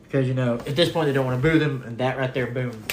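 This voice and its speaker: A laid-back man pitches ideas on a casual podcast, at an ordinary middle pitch. His voice rings in an echoey room. A faint hiss sits underneath. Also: steady tone, quick pace. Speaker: podcast co-host.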